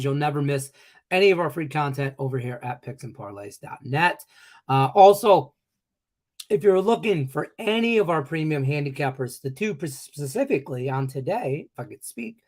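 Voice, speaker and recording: A man in his forties hosting a sports betting show in an upbeat, joking way with rambling asides, hiccuping now and then. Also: a little high. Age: 40s. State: has the hiccups. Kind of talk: casual live show hosting.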